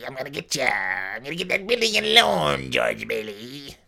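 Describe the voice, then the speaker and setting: A man putting on the voice of a greedy, scheming old male tycoon from a 1940s film, gruff and sneering. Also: a little high, sing-song, normal speed, crowd noise, exaggerated voice. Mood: menacing.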